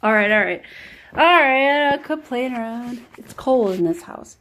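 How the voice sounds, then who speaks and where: A woman chatting casually through a home vlog, talking to her pets in a high baby voice now and then. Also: expressive, unhurried, fairly bright tone. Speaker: vlogger. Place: house, indoors.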